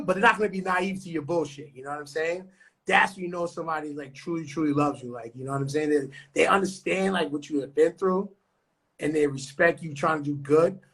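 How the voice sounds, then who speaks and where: A man's voice: a little high, a bit bright, breathy edge. A young man from New York talking on a podcast in a loose, slangy, profane way. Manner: slangy, profane, street talk. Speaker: podcast co-host. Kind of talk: casual podcast chat.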